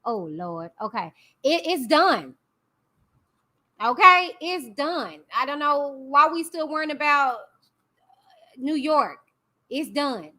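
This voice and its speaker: A woman's voice: high voice, animated, takes it slowly, long pauses, bright, forceful tone. A young woman hosting a casual commentary vlog. She reads a court document aloud and breaks off to chat directly with her viewers in slangy asides. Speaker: YouTube commentary host.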